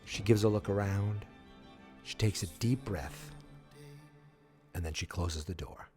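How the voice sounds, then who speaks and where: A man hosting a podcast, recapping an episode in a casual, animated storytelling way. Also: on the low side, unhurried, soft background music. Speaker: podcast host.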